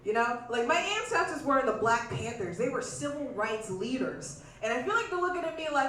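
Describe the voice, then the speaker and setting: A woman's voice: high-pitched, very animated, a little fast, hardly any pauses, a bit bright, far from the mic, slight background noise. A woman performing a stand-up comedy set in a club, playful and acting out quotes in exaggerated voices, with audience laughter behind her. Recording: echoey club room miked from afar.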